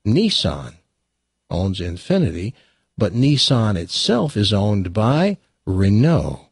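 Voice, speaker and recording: Chatty man with a husky voice. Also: lowish voice, big pitch swings, takes it slowly, no room sound, studio quality. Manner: chatty, lists facts, wry asides. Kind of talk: casual chat and joke telling.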